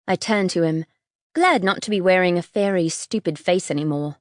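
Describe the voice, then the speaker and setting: A woman narrating a first-person fantasy audiobook in a tense, measured way. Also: lowish voice, no echo, studio quality.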